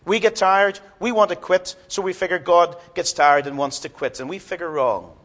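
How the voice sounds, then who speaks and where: A man preaching a sermon in a church, swinging from loud emphatic lines to soft, low ones. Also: normal speed.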